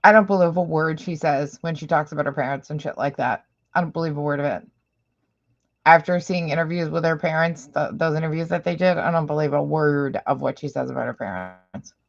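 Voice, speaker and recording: A woman's voice: low-pitched, brisk, gravelly, lo-fi sound. A woman hosting a reaction video, commenting with sarcasm and exasperation on a clip.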